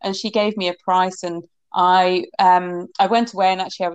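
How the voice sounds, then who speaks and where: A middle-aged woman from England, a horsemanship coach, telling her stories in an animated, rambling way as a guest in an interview, laughing often. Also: lowish voice, moderate pace, clear, resonant tone, no room sound, dull audio. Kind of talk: casual interview storytelling.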